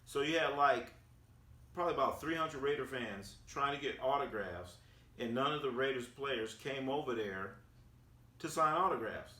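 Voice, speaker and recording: A man from Oakland in a casual storytelling recap, animated and acting out quotes with slang. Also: mid-range voice, moderate pace. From Oakland, California, USA. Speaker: sports vlogger. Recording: roomy sound, distant from the mic.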